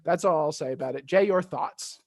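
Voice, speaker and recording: Male podcast host, lively and giggly, retells scenes in voices; dry recording. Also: a little high, a little fast, gravelly, dry recording. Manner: animated, laughing, acts out scenes in voices. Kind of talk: casual chat.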